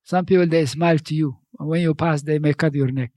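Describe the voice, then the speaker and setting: A man's voice: on the high side, fairly even intonation, brisk, warm tone, dry recording. Preaching man, second-language English. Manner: conversational, repeats phrases, non-native grammar. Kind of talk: sermon.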